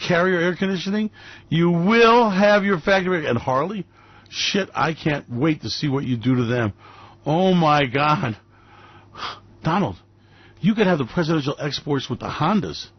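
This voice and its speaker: A male radio host gives sarcastic, theatrical commentary, gushing in mock praise. His voice sits fairly high, and the recording is dry with a slightly dull tone. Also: no echo.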